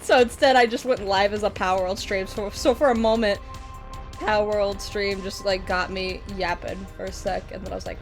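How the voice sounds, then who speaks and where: A woman's voice: mid-range voice, steady tone, moderate pace. A woman streamer chatting casually, rambling with lots of laughter and swearing. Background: metal music.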